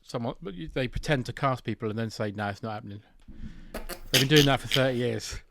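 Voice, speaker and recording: A man's voice: medium pitch, fast, vocal fry, noisy background. A man hosting a casual comedy podcast chat, joking around and putting on silly voices. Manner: jokey, puts on silly voices. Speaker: podcast host.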